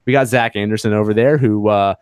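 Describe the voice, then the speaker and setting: A man's voice: fairly low pitch, steady tone, fast talker, darkish tone, smooth, dry recording, studio quality. A man hosting a casual podcast chat in an upbeat, teasing way, steering the conversation. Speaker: podcast host.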